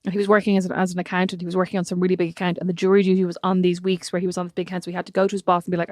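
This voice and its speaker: A woman's voice: fairly low pitch, racing, few pauses, dry recording, clean studio sound. A woman co-hosting a podcast, chatting casually with her sister and teasing her while she tells stories. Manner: lively teasing storyteller. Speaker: podcast co-host. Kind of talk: casual chat between sisters.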